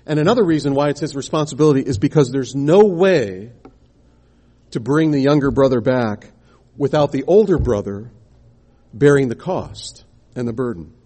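Husky-voiced man preaching a sermon. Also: mid-range voice, expressive, normal speed, mellow. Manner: expository, asks the congregation rhetorical questions.

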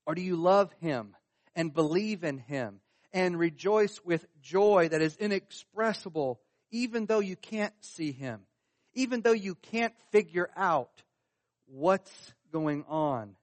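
A pastor preaches earnestly and presses his points, his fairly high voice rising in emphasis when he reads scripture. He is expressive and slow, and the recording has no echo.

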